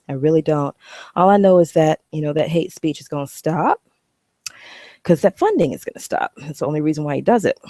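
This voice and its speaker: A woman vlogging a casual, profane, sarcastic rant, animated and acting out voices. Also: extremely low pitch, no echo, studio quality. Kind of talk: casual ranting monologue.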